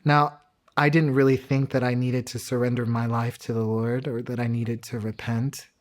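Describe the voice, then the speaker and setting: A man sharing a personal testimony in a calm, measured, deliberate way. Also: medium pitch. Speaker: interviewee.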